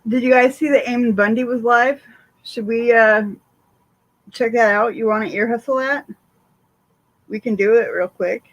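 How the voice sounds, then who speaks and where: A woman's voice: a little high, fairly even intonation, normal speed, pauses often, low-quality recording. A woman hosting a casual livestream, swearing freely and rambling with many fillers while answering viewer chat. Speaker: livestream host.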